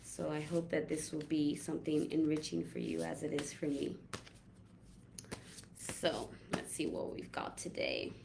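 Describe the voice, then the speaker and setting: Gentle, reflective woman coach, lowish voice. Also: creaky, noisy background. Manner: gentle, reflective, drawn-out pauses. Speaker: holistic health coach. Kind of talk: casual inspirational talk.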